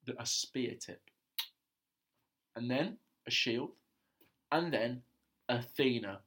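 A man's voice: mid-range voice, slow pace, fairly bright tone. Rambling joking storyteller man. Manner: rambling, joking, crude asides. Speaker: podcast host, storyteller. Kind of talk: casual myth retelling.

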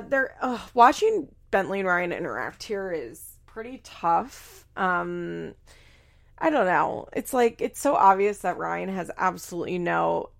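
A woman with a gravelly, fry-laced voice talks through a recap in loose, casual commentary. She is blunt and swears freely, and she slips into quick impressions of the people she quotes. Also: on the low side. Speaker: podcast host recapping a reality show.

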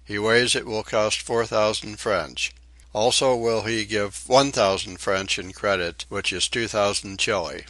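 A man voicing an excitable island wife, speaking in a shrill, agitated way in a storybook reading. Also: unhurried, no room sound. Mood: commanding.

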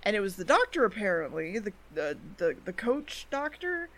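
A woman co-hosting a podcast, casually recapping anime episodes in a chatty way, full of "like" and "um" and quick quoted asides. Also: mid-range voice, very animated, a bit bright. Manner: chatty, quoting characters in quick asides, lots of "like" and "um". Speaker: podcast co-host.

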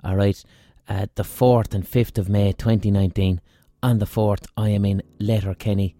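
A man's voice: fairly low pitch, flat delivery, moderate pace, warm tone, no room sound, clean studio sound. An Irish man hosting a podcast, telling a rambling, profane, self-mocking story in a casual monologue. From Ireland. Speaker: podcast host.

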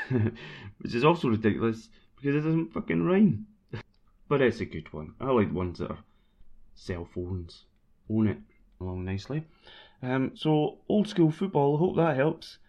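A man's voice: medium pitch, expressive, a little slow, pauses often, darkish tone. A man chatting casually about football, rambling and self-mocking as he answers listeners. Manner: rambling, self-mocking, bursts into sung chants. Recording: dull lo-fi recording.

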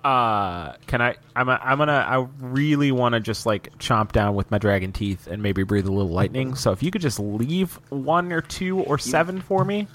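A man's voice: mid-range voice, moderate pace, hardly any pauses, a bit bright. A man teasing the others and laughing often as a player in a casual tabletop game.

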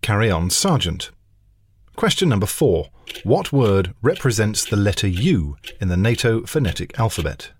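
A man's voice: lowish voice, big pitch swings, normal speed, slight background noise. A man co-hosting a comedy quiz podcast, trading dry, playful banter and reading out general knowledge questions. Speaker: podcast co-host, quizmaster.

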